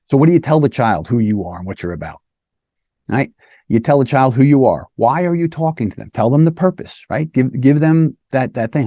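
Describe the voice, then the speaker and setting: Warm and fairly low, this man's voice comes through in studio quality with no echo. As a police lieutenant, he gives an easygoing lesson on interviewing, repeatedly checking in with "right?" and voicing short quotes from officers and kids.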